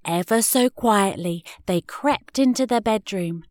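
A woman reads children's stories in an expressive, measured voice of middle pitch. The sound is dry and close, with no room echo. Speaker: storyteller. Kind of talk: storybook reading.

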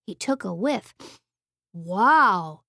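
A woman reading a children's picture book aloud in a playful, expressive way. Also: mid-range voice, slow, dry recording, studio quality. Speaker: storyteller.

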